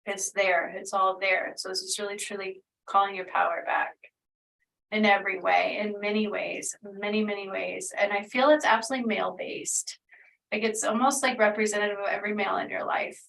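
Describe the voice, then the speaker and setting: Gravelly-voiced woman giving an energy reading. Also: medium pitch, fairly even intonation, brisk, fairly bright tone, far from the mic, poor audio. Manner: meandering, filler-heavy, earnest. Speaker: spiritual healer channeling energy. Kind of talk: casual spoken energy reading.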